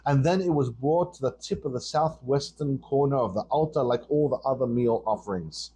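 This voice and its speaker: A man, a rabbi, teaching a Torah lesson on a podcast and telling the story with lively call and response. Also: on the high side, slightly rough.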